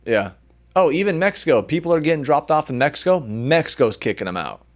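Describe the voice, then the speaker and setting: Male podcast host, casual chat, opinionated, slangy, animated. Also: fairly high pitch, a little fast.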